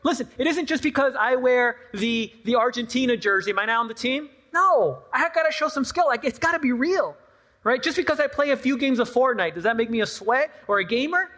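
A high-voiced pastor preaches a sermon at a church service, his words ringing with the long reverb of a large hall. He's loose and conversational, repeating points and tossing in playful asides. His delivery is brisk, bright and forceful, with lively intonation.

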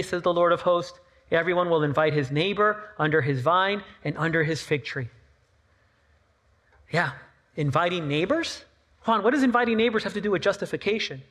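A middle-aged man, a pastor, preaching a sermon with lively rhetorical questions and personal stories. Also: sits high.

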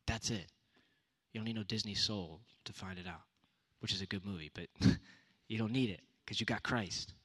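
A man's voice: on the low side, normal speed, fairly bright tone, husky. A young man giving a casual youth sermon, conversational with punchy repeated exhortations. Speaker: youth speaker.

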